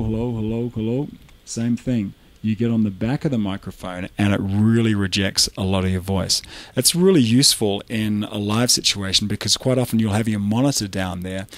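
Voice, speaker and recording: Male audio instructor, low voice, easygoing explainer, close condenser mic, home studio. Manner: relaxed, explanatory, moves around the mic. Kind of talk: hands-on microphone demonstration. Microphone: large studio condenser mic up close.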